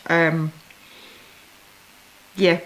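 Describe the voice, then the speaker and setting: A woman's voice: lowish voice, level tone, extremely slow. Giggly chatty woman unboxing art supplies. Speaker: art supply channel host. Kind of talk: casual unboxing chat.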